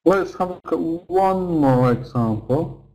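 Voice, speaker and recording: Slow, patient male English teacher. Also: on the high side, expressive, dark tone, poor audio. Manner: slow, patient, stretches words to model sounds. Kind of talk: online pronunciation lesson.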